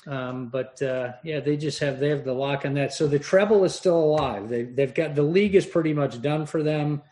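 A co-host talks through the game in a measured, analytical way. His voice sits a little high for a man, and the tone is relaxed and conversational. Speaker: podcast co-host. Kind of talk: casual sports chat.

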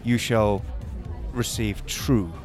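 A man voicing a wise male guru who speaks slowly and gravely in a hushed, lowered voice. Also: fairly even intonation, faint music behind, some chatter behind. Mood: solemn.

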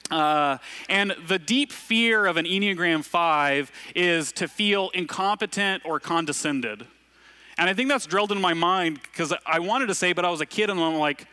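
Bright-voiced pastor from Arkansas. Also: male voice, high-pitched, lively intonation, normal speed. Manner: self-deprecating storytelling with asides and laughs. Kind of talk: conversational sermon.

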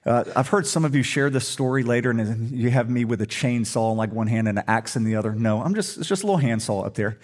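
A man's voice: medium pitch, quick pace, few pauses. A middle-aged male pastor preaching a sermon in a humorous, conversational storytelling way.

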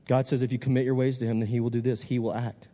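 A young man preaching a sermon. He moves from loud exhortation to quiet, casual storytelling. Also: medium pitch, flat delivery, fast. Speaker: youth preacher. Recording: long hall reverb.

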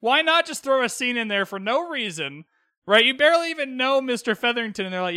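A man casually recapping a TV episode as a podcast host, candid and animated, swearing freely. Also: very high-pitched, fast, dry recording, clean studio sound.

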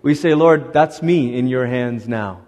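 Animated pastor in a reverberant hall. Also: male voice, mid-range voice, unhurried. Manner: animated, acts out voices of Moses and God. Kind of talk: sermon. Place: church sanctuary. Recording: long reverb of a church hall.

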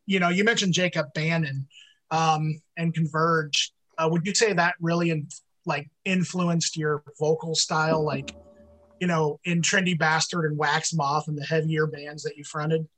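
Guy cohosting a podcast, high bright voice, laughs a lot, pretty animated. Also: normal speed, low-quality recording. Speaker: podcast co-host. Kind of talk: casual chat.

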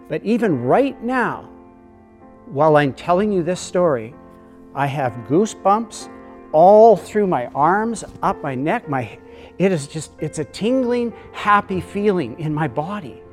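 A man explaining emotional memory and trauma, earnest and storytelling. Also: on the high side. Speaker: teacher.

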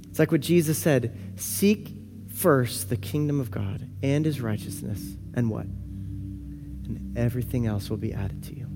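Earnest pastor preaching over soft music. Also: male voice, a little high. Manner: earnest, varies from soft and slow to lively and loud. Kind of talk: sermon. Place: church sanctuary.

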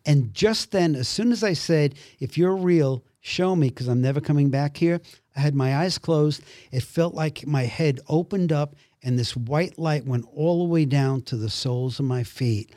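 A man from Brooklyn, a podcast guest telling a story in a lively way and acting out the other people's voices. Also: a little high, moderate pace, dry recording, clean studio sound. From Brooklyn, New York. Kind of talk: storytelling conversation.

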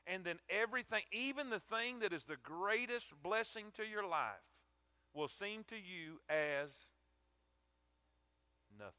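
A man's voice: high voice, expressive, a little slow, pushed and bright, no echo. A man preaching a sermon in an emphatic, emotional way, often repeating his words.

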